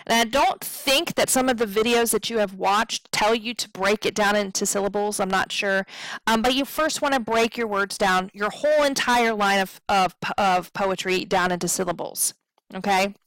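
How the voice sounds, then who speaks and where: A woman's voice: medium pitch, normal speed, fairly bright tone, dry recording, poor audio. A woman teaching poetry meter in a recorded tutorial, explaining patiently, checking in with "okay?" and drawing out words to show stress. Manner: draws out words to demonstrate stress.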